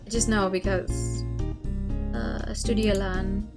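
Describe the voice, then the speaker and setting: A chatty woman streamer reading a visual novel aloud, breaking off to talk about games with casual swearing and easy laughs. Her voice sits at a medium pitch. Game music plays clearly behind her. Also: little pitch movement, slow pace. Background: background music.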